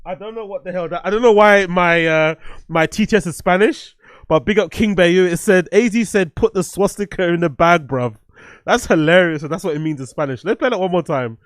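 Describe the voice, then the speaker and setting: A man's voice: high-pitched, a little fast, no echo, studio quality. A man giving casual, profane livestream commentary as the host, blunt and rambling. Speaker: streamer host reviewing music.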